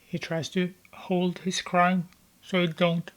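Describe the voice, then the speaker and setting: A film commentator giving casual running commentary while watching a movie, talking hesitantly with many filler pauses. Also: mid-range voice, completely flat delivery.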